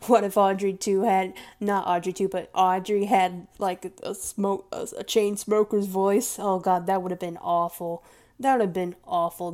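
A woman rambling casually at her own unhurried pace, gushing about what she loves. Her voice sits in a middle register, and now and then she trails off into a whisper. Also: mid-range voice, little pitch movement, darkish tone.

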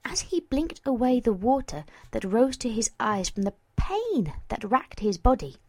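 Slow, expressive woman storybook narrator. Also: fairly high pitch, dry recording. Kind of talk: storybook reading.

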